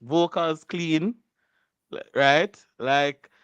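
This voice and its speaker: Here a man with a clear, resonant voice on the high side speaks very slowly, and the lo-fi recording has no room sound. He's hosting a radio show, bantering with a studio guest in a playful, teasing, animated way and laughing frequently.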